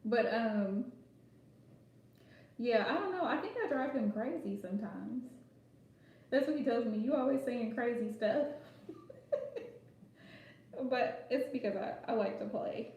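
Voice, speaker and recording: Woman, high voice, playful jokester, casual live chat, very echoey room. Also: lively intonation, measured pace, long pauses, darkish tone. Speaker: host.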